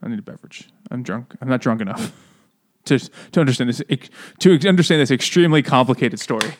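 A man's voice: medium pitch, expressive, fast talker, slight background noise. A man co-hosting a podcast in casual chat, rambling and joking with lots of fillers and frequent laughs. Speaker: podcast co-host.

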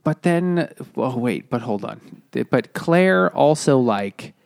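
A man co-hosting a casual book podcast, recapping the plot in halting, restarting sentences. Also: medium pitch, lively intonation, gravelly, no echo, studio quality. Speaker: podcast co-host. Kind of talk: casual chat about a book.

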